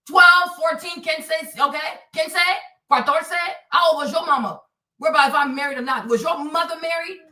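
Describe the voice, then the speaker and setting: Woman streamer, high bright voice, heated cursing rant, roomy sound, distant from the mic. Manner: angry, profane, repetitive ranting. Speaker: livestream host. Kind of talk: heated livestream rant answering chat. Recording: echoey room, voice off-mic.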